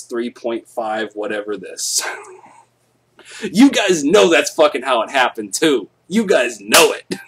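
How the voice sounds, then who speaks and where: Husky male streamer, casual, swears a lot, rambling jokey storyteller. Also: mid-range voice. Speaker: live stream host.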